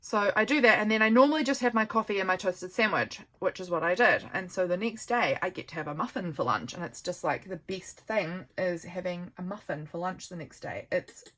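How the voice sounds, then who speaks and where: A woman's voice: fairly low pitch, animated, fairly quick, hardly any pauses. Woman, New Zealand accent, young adult, tired, chatty, rambling, casual vlog. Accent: New Zealand English. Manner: chatty, rambling, warm asides to viewers. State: tired, yawning. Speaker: journaling vlogger. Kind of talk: casual flip-through chat. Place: home.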